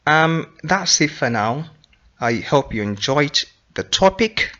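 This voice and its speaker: A man teaching an English grammar lesson, explaining slowly and repeating each example sentence. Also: a little high, expressive, pushed and bright, lo-fi sound.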